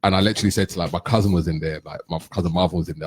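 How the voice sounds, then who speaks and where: A middle-aged man hosting a radio chat, telling lively anecdotes and acting out what people said. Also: sits low, very fast, hardly any pauses, soft background music. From London. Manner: animated anecdote telling, acts out quotes. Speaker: radio show host. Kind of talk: casual storytelling chat.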